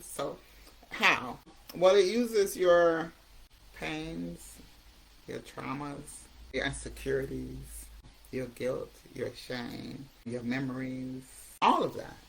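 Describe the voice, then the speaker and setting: A woman's voice: deep voice, pushed and bright, husky, rough recording. A woman hosting a recovery talk, speaking emphatically and conversationally, often repeating herself for effect. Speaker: recovery coach host.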